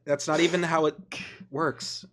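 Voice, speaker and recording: A man's voice: fairly high pitch, little pitch movement, measured pace, heavy background noise. A man co-hosting a comedy podcast, trading blunt, mock-insulting jabs and swearing in casual banter. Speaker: podcast co-host.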